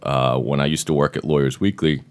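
A middle-aged man from Massachusetts hosting a casual podcast chat, joking and playful with quick bursts of excitement. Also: extremely low pitch. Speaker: podcast host.

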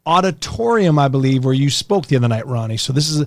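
A man hosting a podcast in casual chat, reacting excitedly to recordings he plays. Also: medium pitch, fast talker, no echo, clean studio sound. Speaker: podcast host.

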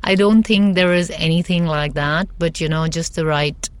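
A woman from India, a celebrity stylist, chatting casually as a guest with lots of fillers and animated asides. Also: lowish voice, moderate pace, clear, resonant tone. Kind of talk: casual interview chat.

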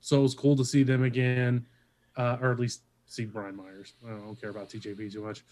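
A man hosting a casual podcast chat. He rambles with many ums and uhs and grows lively when something excites him. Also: mid-range voice, brisk.

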